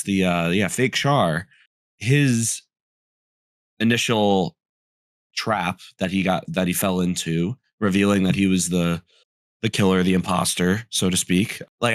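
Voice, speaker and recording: A man co-hosting a podcast, chatting casually in a rambling, animated way with many fillers and restarts. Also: low-pitched, no echo, clean studio sound. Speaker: podcast host. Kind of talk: casual group discussion.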